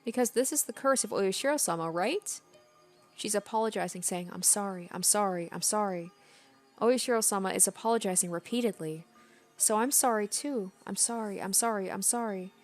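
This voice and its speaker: A woman's voice: medium pitch, a little fast, faint music behind, lightly acted. A woman reading the lines of a disturbed teenage girl from a visual novel, repeating herself feverishly. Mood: frantic. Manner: feverish, repetitive apologizing.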